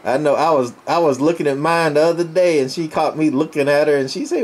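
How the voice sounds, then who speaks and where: A man's voice: a little high, quick pace. A man on a CB radio chatting casually and agreeably with a friend. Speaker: CB radio operator. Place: on the air by CB radio.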